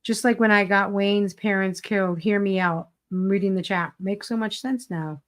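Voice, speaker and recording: A woman's voice: mid-range voice, normal speed. A woman co-hosting a casual livestream, teasing her partner and laughing often. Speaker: co-host.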